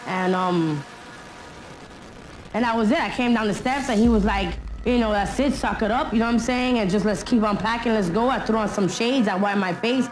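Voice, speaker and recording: A woman's voice: medium pitch, moderate pace, a little hiss or hum, poor audio. Blunt New woman, street slang. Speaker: interviewee. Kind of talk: candid documentary interview.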